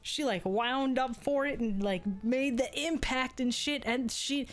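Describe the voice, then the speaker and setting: A woman's voice: high voice, measured pace. A young adult woman streamer telling crude jokes and stories in casual chat. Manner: crude, joking storytelling, laughs often.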